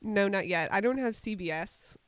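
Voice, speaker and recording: A woman's voice: medium pitch, normal speed, clean tone, no echo. A young woman from the United States co-hosting a podcast, chatting casually with a blunt, profane, joking manner. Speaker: podcast co-host. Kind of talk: casual chat.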